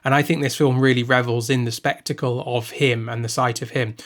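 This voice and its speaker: A man in relaxed conversation on a film podcast, talking at a mid pitch. He thinks aloud and restarts his sentences, keeping an easy, casual tone. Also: brisk. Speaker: podcast co-host.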